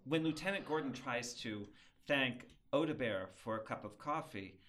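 Chatty self-deprecating man, steady mid voice. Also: medium pitch, moderate pace, a little hiss or hum. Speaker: librettist, guest. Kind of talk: casual interview conversation.

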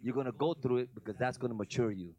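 A man preaching a lively sermon, acting out voices, breaking into shouts and laughing often. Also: medium pitch, quick pace, no room sound. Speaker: pastor.

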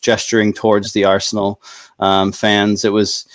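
Low-pitched male guest, thinks out loud, steady and filler-heavy, dry close recording. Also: dry recording. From United States. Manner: measured, thoughtful, many fillers. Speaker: podcast guest. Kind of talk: casual chat.

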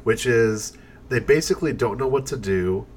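A man co-hosting a casual movie discussion, relaxed and stumbling on words now and then. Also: mid-range voice, normal speed, slight background noise. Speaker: podcast co-host.

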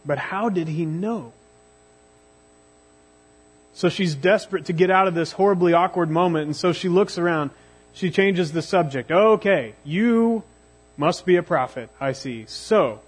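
A youth pastor preaching a sermon, telling the story dramatically and slowing down for emphatic phrases. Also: male voice, on the high side, slightly rough.

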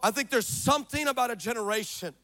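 A man preaching a sermon, telling a story with comic asides and building to shouted exhortation. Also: extremely high pitch, expressive, fast.

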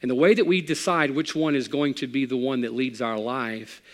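Man, pastor, emphatic sermon, middle pitch, long hall echo. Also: steady tone, normal speed. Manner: preaching with rising, emphatic bursts. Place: church sanctuary.

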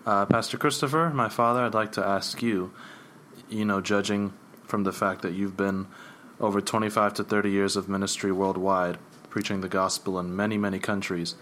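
A low-voiced man hosting a faith interview. He asks respectful, long-winded questions, with a faint hiss of noise behind him. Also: fairly even intonation, moderate pace, a bit bright. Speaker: host.

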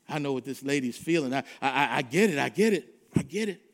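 A man preaching a sermon as a pastor, swinging between shouted declarations and hushed, confiding asides, with a repetitive preaching cadence. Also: medium pitch.

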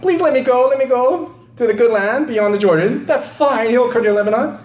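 A man's voice: very high-pitched, fairly quick, a little mellow, pitched above the performer's own voice. A man voicing Moses as a whiny, pleading older man, in an echoing room. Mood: begging. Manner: whining, pleading, exaggerated.

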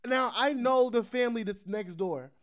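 Man, podcast host, casual storytelling, animated, laughs a lot, swears freely. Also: very high-pitched, normal speed.

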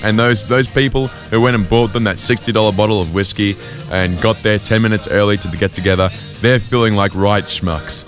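A man's voice: lowish voice, fairly even intonation, a little fast, faint music behind. Rambling Australian man on late-night radio. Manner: rambling, self-deprecating, full of fillers and restarts. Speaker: radio host. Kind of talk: comedic rambling monologue. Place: community radio studio.

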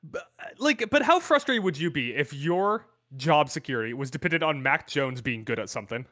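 A man's voice: on the high side, brisk, no room sound, studio quality. A man co-hosting a sports podcast, chatting casually and teasing with jokes. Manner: animated, joking, teasing. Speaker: podcast co-host.

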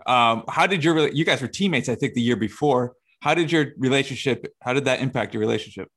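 A man's voice: mid-range voice, fast talker, a bit bright. A man interviewing a guest, asking questions in a loose conversational way.

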